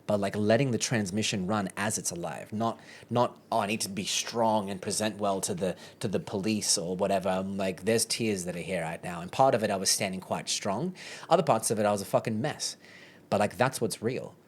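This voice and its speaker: A man with an Australian accent and a lowish voice talks as a podcast guest. He tells a story in a loose, candid way, quoting his own thoughts back with "I'm like" and slipping in a laugh now and then. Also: brisk.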